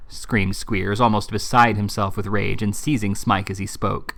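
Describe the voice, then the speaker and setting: Low-voiced man reading a classic novel. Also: little pitch movement, moderate pace, vocal fry, hardly any pauses, fairly bright tone. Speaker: reader.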